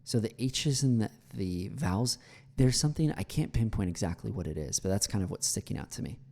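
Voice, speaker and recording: A man's voice: lowish voice, expressive, a little fast, vocal fry, mellow, big-room sound. An American man teaching English, critiquing a speech clip in a chatty way with many fillers. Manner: chatty, many fillers, repeats words for analysis.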